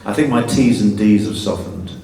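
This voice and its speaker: An English man in his sixties speaks with a slightly Americanized accent and a lowish voice. He tells stories with self-mocking humor. The recording is roomy and picked up from a distance, with faint ambience. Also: moderate pace, mellow. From England. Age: 60s. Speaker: guest actor. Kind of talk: stage Q&A conversation. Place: festival stage Q&A.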